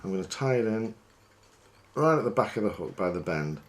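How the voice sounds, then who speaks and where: A man's voice: on the low side, fairly quick. Chatty man tying a fly. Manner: chatty, relaxed, self-deprecating. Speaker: fly fishing guide.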